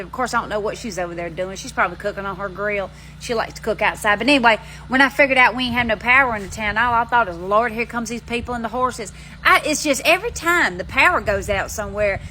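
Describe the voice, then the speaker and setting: Bright-voiced Southern woman rambling. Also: fairly high pitch, a little hiss or hum, rough recording. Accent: Alabama Southern. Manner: rambling, folksy, country slang. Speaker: vlogger. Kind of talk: casual chat to camera. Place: outdoors on front steps.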